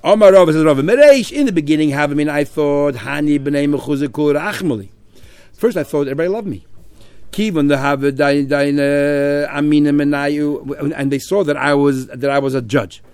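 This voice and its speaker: A man teaching a Talmud class, quickly translating Aramaic phrase by phrase. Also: on the high side, a little mellow, clean tone, dry recording.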